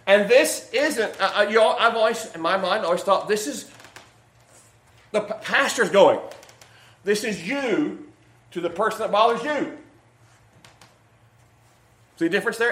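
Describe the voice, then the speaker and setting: A man's voice: high voice, moderate pace, pauses often, fairly bright tone. A man preaching a midweek sermon, folksy and joking as he tells stories to make his point. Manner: folksy, jokey storytelling preacher. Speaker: pastor. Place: church sanctuary. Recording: echoey church room.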